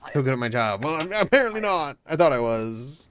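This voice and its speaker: A man's voice: on the high side, very animated, brisk, a little hiss or hum. A man casually commentating a game, reading its text aloud and cracking jokes. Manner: jokey, reads game text aloud, bursts into shouting. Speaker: gamer playing a border-inspector game. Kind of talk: casual let's-play commentary.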